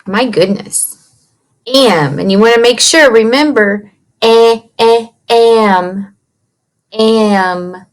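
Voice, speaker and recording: A woman teaching young children a writing lesson from her computer, slowly and patiently sounding out letters and words. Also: a little high. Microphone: computer mic.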